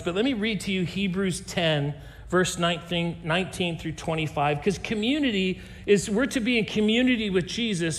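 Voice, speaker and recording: A male pastor tells a story during his sermon, animating it with lively voices and dropping to a soft, low voice for emphasis.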